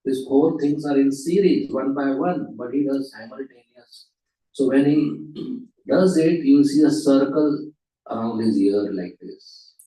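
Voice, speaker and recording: Brief: unhurried male class speaker with a mellow voice and animated storytelling, recorded far from the mic in a roomy hall. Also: mid-range voice. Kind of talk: storytelling lecture. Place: temple hall.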